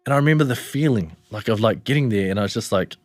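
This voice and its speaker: A man's voice: on the low side, lively intonation, fast, no echo. A young man with a New Zealand accent, a podcast guest telling a personal story in a laid-back way, swearing and calling people "bro". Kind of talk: casual storytelling.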